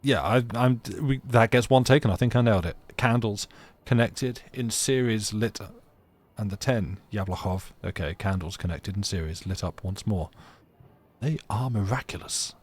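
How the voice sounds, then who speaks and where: A man with a fairly low voice reads a story game aloud on a live stream. He drops in casual, chatty asides between the narration and restarts playfully when he stumbles. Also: normal speed. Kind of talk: live let's play, reading game text aloud.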